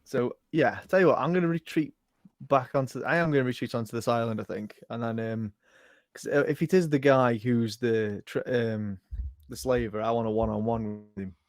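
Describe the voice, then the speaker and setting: A man plays a tabletop game over a voice call from his home microphone. He thinks out loud in a middle pitch, trailing off and restarting. His sound is close and dry. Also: moderate pace, dry recording. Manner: thinks aloud with many ums and trailing restarts. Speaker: player. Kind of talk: casual tabletop game chat.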